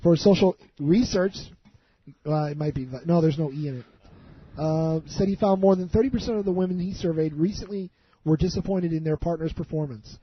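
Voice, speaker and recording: A man's voice: on the high side, a little fast, dull audio, slight background noise. A man hosting a radio show, reading odd news items jokily and laughing as he goes. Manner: jokey, laughs while reading.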